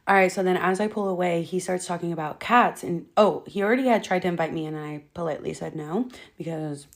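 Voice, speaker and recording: Young woman, casual storyteller, blunt and exasperated, a little low-pitched, curses freely. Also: fast.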